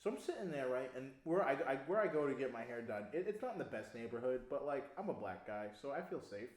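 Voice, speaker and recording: A young man casually telling a long story on a podcast, animated, laughing often and swearing freely. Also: medium pitch, fast. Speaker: podcast co-host. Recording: echoey room.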